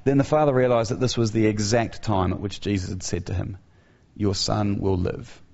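A man's voice: lowish voice, quick pace, vocal fry, darkish tone. A man preaching an earnest sermon who asks his listeners rhetorical questions, in a dull, lo-fi recording.

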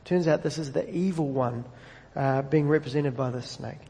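Guy preaching a sermon, kinda high voice, chatty and stumbly, long hall echo. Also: normal speed, gravelly, warm tone. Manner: conversational, self-correcting preacher. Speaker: pastor.

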